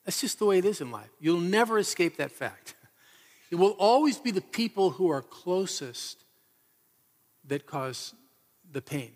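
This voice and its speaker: A man's voice: high voice, sing-song, a little slow, long pauses. Earnest man preaching in a hall. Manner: earnest, emphatic storytelling with repetition. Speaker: pastor. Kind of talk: sermon. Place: church hall. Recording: reverberant hall.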